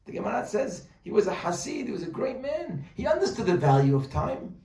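A man's voice: high-pitched, very animated, a little fast, dark tone. A man teaching a religious class, telling a story with humorous asides and explaining Hebrew terms as he goes. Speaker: Torah teacher. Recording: roomy echo, voice from a distance.

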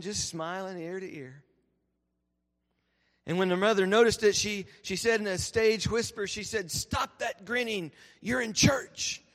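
High-voiced pastor preaching. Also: male voice. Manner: lively storytelling with laughs. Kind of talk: sermon. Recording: reverberant church hall.

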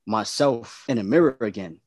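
A man's voice: fairly low pitch, normal speed, no echo, clean studio sound. A man, a podcast guest, recounts the losses he went through, acting out conversations with the people in them. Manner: emotional, animated retelling with quoted dialogue. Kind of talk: personal storytelling in conversation.

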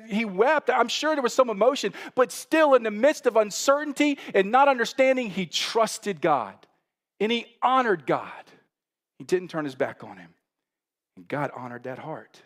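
Animated, higher-voiced male pastor preaching. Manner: animated, conversational preaching with rising bursts of emphasis. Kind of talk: sermon.

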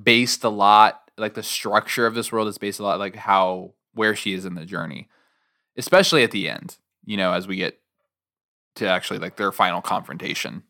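A man's voice: fairly low pitch, moderate pace, pushed and bright. A man in casual podcast chat, enthusiastic and conversational. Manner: enthusiastic, conversational, says "dude".

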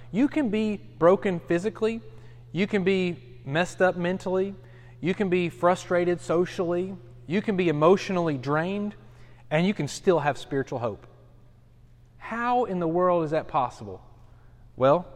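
A man in his thirties, a pastor teaching a Bible study in a conversational, self-deprecating way with frequent restarts. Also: high-pitched. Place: church study. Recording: long hall reverb.

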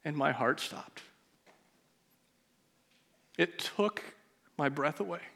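Man preaching, soft hushed storytelling. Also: on the high side, lively intonation, slow pace, vocal fry. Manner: personal storytelling, drops to a hush at emotional moments. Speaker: pastor. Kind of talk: sermon. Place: church sanctuary.

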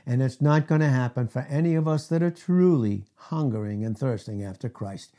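A middle-aged man preaching a sermon as pastor, emphatic, asking rhetorical questions and swinging from loud to hushed. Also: medium pitch, moderate pace.

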